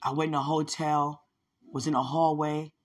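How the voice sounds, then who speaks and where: Husky woman telling her testimony. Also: low-pitched, flat delivery, normal speed, soft background music. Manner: earnest, conversational, addresses listeners directly. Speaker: podcast host sharing a testimony. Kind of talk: personal testimony storytelling.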